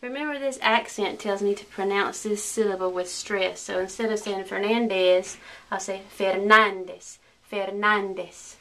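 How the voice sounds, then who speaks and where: A woman teaching Spanish pronunciation in a recorded lesson, slowly drilling each word with careful repetitions. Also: medium pitch, fairly even intonation.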